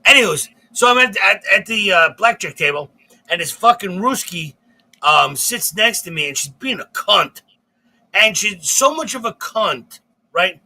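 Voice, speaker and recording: A man co-hosting a comedy podcast, telling a rambling, profane, animated story. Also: high voice, a little slow, low-quality recording.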